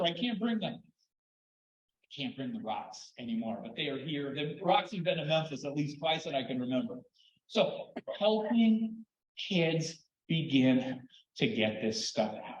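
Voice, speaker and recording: An older man giving an animated storytelling talk at a conference, expressive and prone to repeating words when excited. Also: on the high side. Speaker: conference speaker. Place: conference hall. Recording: echoey, dull hall recording.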